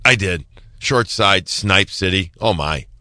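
A man's voice: sits low, lively intonation, takes it slowly, pushed and bright, no room sound. A man giving hockey analysis on a podcast, emphatic and repeating himself to stress a point. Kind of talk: podcast sports talk.

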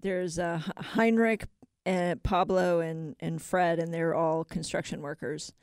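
A woman's voice: fairly low pitch, unhurried, clear, resonant tone, no echo, clean studio sound. A woman guest in a casual chat, telling a long joke and putting on voices for its characters. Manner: animated storyteller who puts on voices.

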